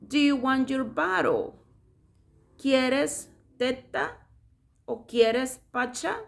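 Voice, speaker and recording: A woman teaching words, repeating them slowly in a sing-song voice as if to a baby. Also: medium pitch, creaky, a bit bright. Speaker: Spanish teacher. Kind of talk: casual spoken lesson.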